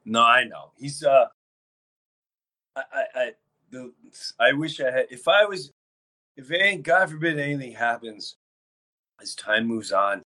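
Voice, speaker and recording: A man hosting a podcast in casual chat, talking in a low-key, subdued way with a sore, worn-out throat. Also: expressive, measured pace, pauses often, bright, forceful tone. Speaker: podcast host.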